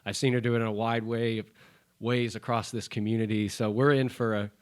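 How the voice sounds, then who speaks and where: A man co-hosting a podcast in a studio, talking casually and enthusiastically in quick bursts. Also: lowish voice, level tone, clean tone. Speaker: podcast co-host. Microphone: studio microphone.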